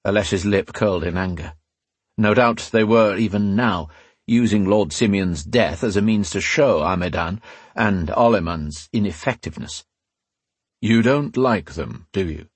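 A man narrating a fantasy story in a steady, scripted reading. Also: fairly low pitch, normal speed, slightly rough, no echo. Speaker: audiobook narrator.

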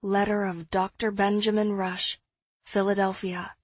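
A woman narrating an audiobook in the first person, in a measured, hushed storytelling manner. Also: medium pitch, flat delivery, husky, no echo.

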